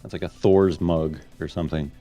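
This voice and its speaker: A man's voice: a bass voice, fairly even intonation, normal speed, warm tone, soft background music. A man telling a rambling, self-mocking anecdote in casual chat on a stream.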